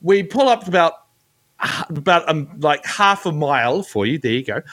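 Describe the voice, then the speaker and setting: High, lively-voiced man ranting. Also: normal speed. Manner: profane, animated ranting. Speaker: guest co-host. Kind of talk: casual podcast chat.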